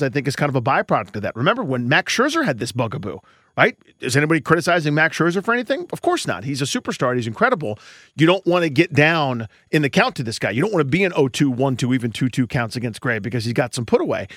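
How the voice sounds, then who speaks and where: A man's voice: on the high side, sing-song, quick pace, a bit bright, dry recording, clean studio sound. A man co-hosting a baseball podcast, talking through his views in a thoughtful, rambling way. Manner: thoughtful, rambling analysis with restarts. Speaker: podcast co-host. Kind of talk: casual sports talk.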